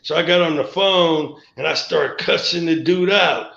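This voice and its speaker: A man's voice: fairly high pitch, measured pace, vocal fry, fairly bright tone. A man guest on a live stream, telling a rambling story and acting out the dialogue of other people as he goes. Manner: rambling, acts out quoted dialogue. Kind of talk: storytelling memories. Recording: echoey, dull lo-fi stream audio.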